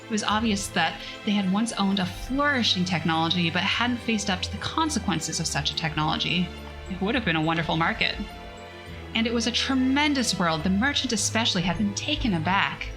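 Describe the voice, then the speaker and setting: A woman's voice: medium pitch, animated, a little fast, music in the background, poor audio. A woman reading a science fiction story aloud on a casual livestream, breaking off for chatty, self-mocking asides.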